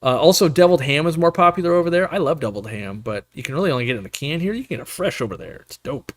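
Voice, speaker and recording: A man's voice: a little high, animated, rapid-fire, dry recording. Rambling upbeat man streaming live, dry close sound. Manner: rambling, upbeat, lots of fillers and slang. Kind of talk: casual live stream chat, reading chat.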